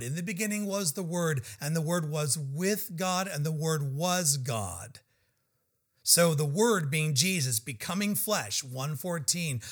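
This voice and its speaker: Earnest man preaching, fairly high voice. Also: a bit bright. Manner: earnest, emphatic, numbered points. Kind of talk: verse-by-verse sermon.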